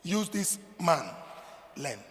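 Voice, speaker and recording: A man with a Nigerian accent preaching a sermon, swinging between loud emphatic declarations and quiet low asides. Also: big pitch swings, takes it slowly, a little hiss or hum. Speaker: pastor. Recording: long hall reverb.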